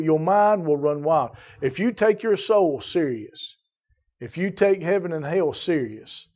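Male preacher, slightly high voice, fiery delivery with loud peaks, dull lo-fi church recording. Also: husky. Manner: fervent, rising to loud emphatic bursts. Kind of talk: sermon.

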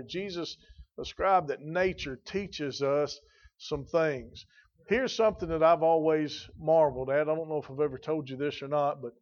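Folksy man preaching a sermon, muffled. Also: fairly high pitch. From rural. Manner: folksy, emphatic preaching with rising and falling intensity.

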